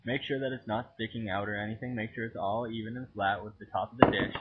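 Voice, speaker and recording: A teenage boy goofing around while he films himself cooking at home, crude and joking, with sudden loud yells. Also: fairly low pitch, steady tone, fast, heavy background noise. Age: teens. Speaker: home cooking video maker. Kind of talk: goofy profane cooking vlog. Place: home kitchen. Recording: tinny lo-fi home camera audio.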